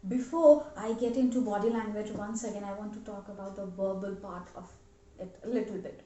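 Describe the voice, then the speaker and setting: A woman's voice: medium pitch, steady tone, fairly quick, mellow. A young woman giving an earnest lesson on body language, talking to camera and demonstrating gestures as she goes. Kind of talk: instructional talk to camera. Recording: roomy, dull lo-fi sound.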